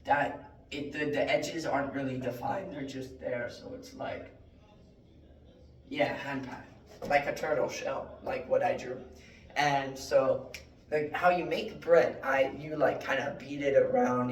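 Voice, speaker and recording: A man's voice: medium pitch, measured pace, a little hiss or hum. Rambling man giving a mock lecture in an echoey room. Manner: deadpan fake etymologies, rambling with many fillers. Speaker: joke Latin teacher. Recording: echoey room, mic at a distance.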